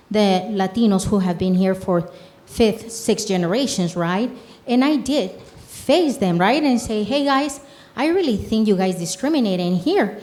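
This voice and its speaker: A woman's voice: medium pitch, mellow. An earnest woman with a Mexican Spanish accent whose first language is Spanish. She uses a middle-range voice to tell a community health program director's story at a public forum. She leans on tag questions as she talks.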